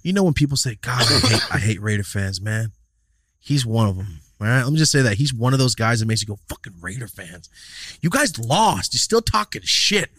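A man's voice: medium pitch, fairly quick, slightly rough, no room sound, clean studio sound. A man hosting a podcast in a casual chat, telling stories and acting out quotes. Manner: animated storyteller, acts out quotes. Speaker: podcast host.

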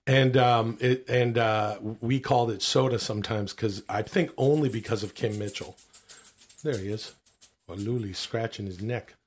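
A slightly hoarse man from Canada, rambling through casual comedic banter on a podcast. His voice sits at a middling pitch. He swears freely and keeps restarting his thoughts. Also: normal speed. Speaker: podcast co-host.

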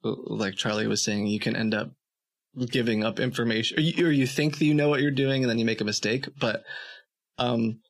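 Measured man explaining on a podcast. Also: mid-range voice, fairly even intonation, gravelly. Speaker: podcast guest. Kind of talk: casual podcast chat.

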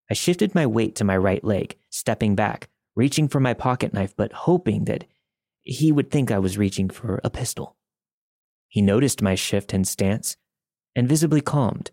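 A man's voice: on the low side, lively intonation, normal speed, gravelly, a little mellow, no echo, clean studio sound. A man narrating a first-person story in a wry, conversational way.

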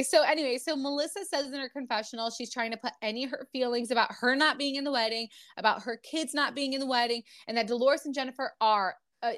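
With a fairly bright voice on the higher side, a young woman chats loosely as a podcast co-host, recapping things in a rambling way with many fillers and do-overs.

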